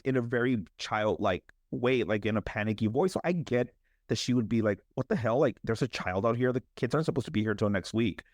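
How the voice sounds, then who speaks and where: This male co-host speaks at a medium pitch, breezily running through a film's plot and hamming up each character's dialogue with over-the-top voices. The audio is studio quality and echo-free.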